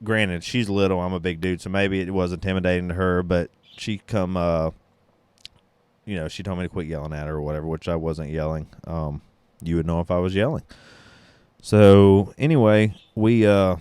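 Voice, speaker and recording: A man's voice: sits low, fairly even intonation, moderate pace, darkish tone, clear, resonant tone, dry recording. A man hosting a podcast, telling a story in a blunt, rambling way with plenty of swearing. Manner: sips beer while talking. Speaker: podcast host. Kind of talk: casual storytelling.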